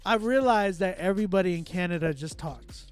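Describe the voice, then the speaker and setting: A man from Texas with a Texan accent, hosting a casual chat and telling animated, self-mocking stories. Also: high voice, a little fast, smooth, soft background music. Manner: animated storytelling, loud excited outbursts, self-mocking laughs. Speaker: host. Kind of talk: casual chat with live chat readers.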